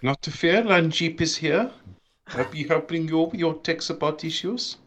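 A man voicing a cheerful, eager male tech support agent as a comic put-on, slow and sing-song. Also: fairly high pitch, a bit bright. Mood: chirpy.

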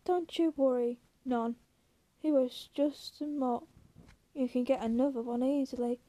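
A woman's voice: high-pitched, fairly even intonation, unhurried, warm tone. A woman reading a lonely, coaxing young ranch wife. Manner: coaxing, restless, bitter.

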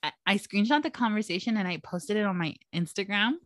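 A young woman co-hosting a casual chat podcast, telling stories in an animated way, acting out quotes and swearing freely. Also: medium pitch, fairly quick, no room sound, studio quality. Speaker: podcast co-host.

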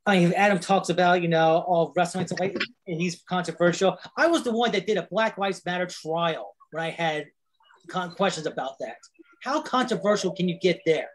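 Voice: medium pitch, normal speed, slight background noise, rough recording. A wrestler chatting casually on a podcast, rambling with lots of fillers and swearing freely.

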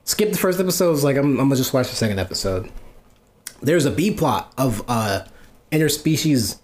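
A man in casual podcast chat, an animated storyteller who acts out quoted exchanges and swears freely. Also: medium pitch, a little fast.

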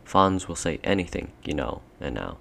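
Using a full character voice, a man with a bass voice narrates an audiobook as a cold, coaxing queen, tall and regal. His delivery is sing-song and moderately paced, fairly bright in tone with vocal fry, sweet-talking, persuasive and commanding. Slight background noise is present.

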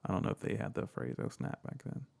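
A man's voice: fast, a little mellow. A man co-hosting a casual chat, reading facts aloud and riffing on them in a jokey, offhand way, swearing freely. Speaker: podcast co-host.

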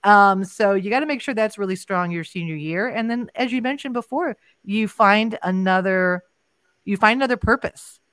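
A woman's voice: mid-range voice, normal speed, fairly bright tone, no room sound. A middle-aged woman hosting a podcast, chatting casually and rambling with many restarts. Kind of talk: casual chat.

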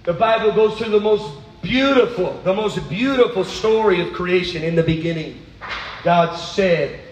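A man preaching a sermon, animated, swinging from low asides to high, exclaiming bursts. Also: normal speed, reverberant, highs cut off, a little hiss or hum.

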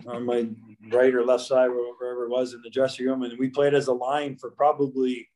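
A man in his fifties reminisces as an interview guest, drifting through long stories with many restarts and fillers. His voice sits in a middle register with very little rise and fall, almost monotone. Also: medium pitch, a little fast, a little hiss or hum, poor audio. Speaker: guest, former pro hockey player. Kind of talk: casual interview.

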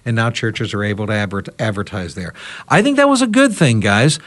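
Animated storytelling talk radio man. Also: on the low side, a little fast. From United States. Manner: storytelling, acting out both sides of a conversation. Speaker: radio talk show host. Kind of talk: roundtable podcast discussion.

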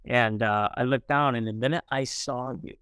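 A middle-aged man talks as a podcast guest, earnest and warm, playing out every quoted line as he tells his story. His voice is smooth and resonant. The sound is dry, close to the mic. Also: mid-range voice, fairly even intonation, normal speed, dry recording. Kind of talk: conversational storytelling.

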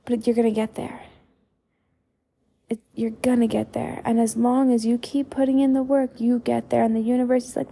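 A woman's voice: on the high side, little pitch movement, moderate pace, gravelly, dark tone, husky. A woman hosting a podcast, delivering a blunt motivational monologue full of swearing and emphatic repetition. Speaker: podcast host and mindset coach.

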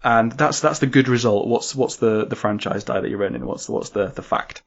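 A man's voice: mid-range voice, brisk, vocal fry. A man runs a tabletop game with a middling voice, giggling readily and tripping over repeated words. The audio is slightly muffled and lo-fi. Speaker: game master. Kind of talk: running a comedic tabletop game.

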